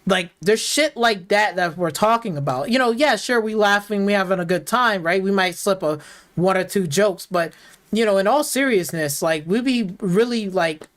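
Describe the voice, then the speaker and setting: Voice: mid-range voice, normal speed, fairly bright tone. A game streamer ranting about a racing game in a profane, heated, repetitive way, now and then mocking its dialogue in exaggerated put-on voices.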